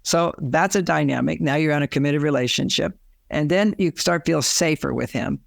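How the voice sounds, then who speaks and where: Gravelly older man giving advice. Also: a little high, moderate pace, no room sound, studio quality. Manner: explanatory, acts out quoted lines. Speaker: relationship author. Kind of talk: advice interview.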